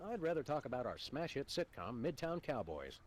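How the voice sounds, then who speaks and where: A man voicing a dry, deadpan dog detective in a comedy adventure game. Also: medium pitch, a little fast, slight background noise, close to an everyday voice. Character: deadpan anthropomorphic dog detective, adult male.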